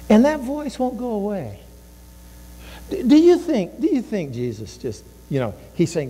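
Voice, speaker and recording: Emphatic pastor preaching in a reverberant hall. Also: male voice, high-pitched, very animated, normal speed, dark tone, husky. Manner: emphatic, repeats phrases, voices inner thoughts. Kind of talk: sermon.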